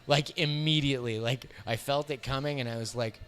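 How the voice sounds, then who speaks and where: In a bar, an American comedian in his thirties animatedly tells a profane road story during an interview, laughing often. His mid-range voice moves briskly with few pauses.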